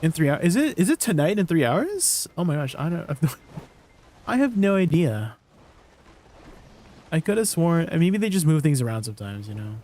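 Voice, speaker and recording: A man's voice: on the high side, sing-song, moderate pace, pauses often, darkish tone. A man streaming a game, chatting casually and rambling, often asking his chat questions and laughing easily.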